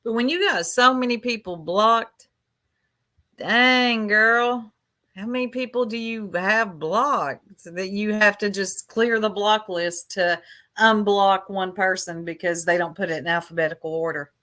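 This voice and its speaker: A woman's voice: mid-range voice, measured pace, bright, forceful tone. A woman in casual livestream chat, gossiping in a chatty, catty, drawling way.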